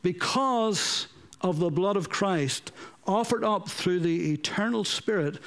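A man's voice: high-pitched, creaky. A man preaching a sermon, earnest and pleading, repeating points for emphasis and telling anecdotes.

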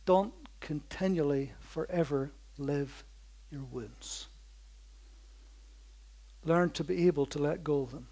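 A man preaching a sermon, swinging from loud bursts to slow, hushed lines and driving points home with rhythmic repetition. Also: a little high.

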